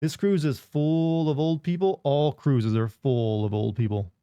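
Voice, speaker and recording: A man's voice: fairly high pitch, measured pace, dark tone, smooth, no room sound, lo-fi sound. A man hosting a live stream, joking and rambling in casual banter with his chat on a close desk mic. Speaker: livestream host.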